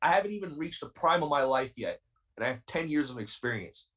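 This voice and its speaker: A man's voice: fairly high pitch, very animated, a little fast, fairly bright tone, recorded from a distance, poor audio. A man of twenty, a wrestler speaking as a guest on a podcast, talking intensely and defiantly and repeating himself to make his point. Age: 20s. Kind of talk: heated podcast interview.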